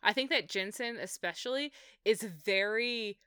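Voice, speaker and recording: A woman co-hosting a podcast, chatting about a TV show in an animated, jokey, enthusiastic way. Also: medium pitch, unhurried, smooth, no echo, clean studio sound. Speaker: podcast co-host. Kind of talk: casual chat about a TV show.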